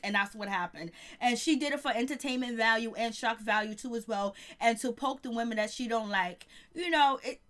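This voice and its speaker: A woman chatting casually as she recaps a reality show, animated and laughing often, greeting her viewers by name. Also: on the high side. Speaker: vlogger reviewing a reality show.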